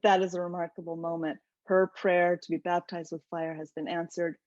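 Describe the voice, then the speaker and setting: Lower-voiced woman lecturing in a webinar. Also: normal speed, no room sound. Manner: animated, enthusiastic storytelling. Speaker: author presenting her book. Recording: dull lo-fi webinar audio.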